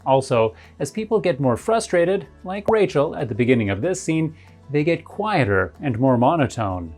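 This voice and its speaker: A woman teaching English in a recorded lesson, explaining clearly and step by step. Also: a bass voice, sing-song, normal speed, darkish tone, soft background music.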